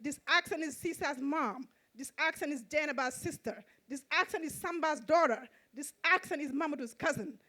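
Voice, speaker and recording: Mauritanian lady w a high voice doing spoken word on a festival stage, slow steady repeating lines. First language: Fulani. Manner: measured, repetitive rhythmic delivery. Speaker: poet and event host. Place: outdoor arts festival stage.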